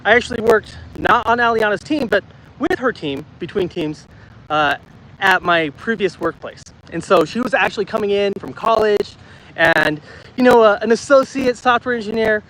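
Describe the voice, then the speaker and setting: A man in his thirties hosts a casual walking livestream in a city park, chatting with viewers and reading their comments aloud from a phone he holds as he walks. His voice is high-pitched, animated and a bit bright, at normal speed. The low-quality recording carries slight background noise.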